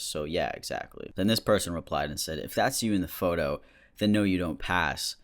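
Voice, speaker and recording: A man's voice: deep voice, fairly quick. A man giving casual, sarcastic commentary as a YouTuber reacting to screenshots. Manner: sarcastic, mocking.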